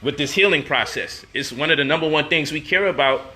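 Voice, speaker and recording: A man's voice: a little high, a little fast, bright, forceful tone. A man hosting a casual home cooking vlog in his kitchen, playful and teasing as he coos at his baby daughter. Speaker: cooking show host.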